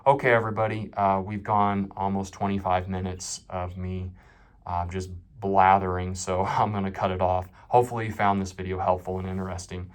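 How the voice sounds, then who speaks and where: A man with a very low voice talks through a phone review with no script, candid and off-the-cuff. He pokes fun at himself as he goes, speaking straight to his viewers as the host of his own channel. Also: level tone, brisk. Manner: candid, off-the-cuff, self-deprecating.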